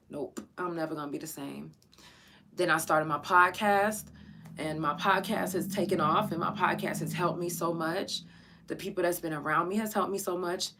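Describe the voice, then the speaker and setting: A woman's voice: on the low side, creaky. A woman hosting her own podcast, talking in a casual, emotional monologue, swearing freely and close to tears. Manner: profane, excitable, close to tears. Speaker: podcast host.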